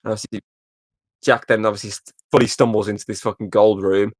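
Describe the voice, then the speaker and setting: A man's voice: fairly low pitch, level tone, fast, dry recording, clean studio sound. A young man hosting a podcast, casually recapping a film scene by scene and acting out the quoted lines between laughs. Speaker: podcast host. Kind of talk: casual film breakdown chat.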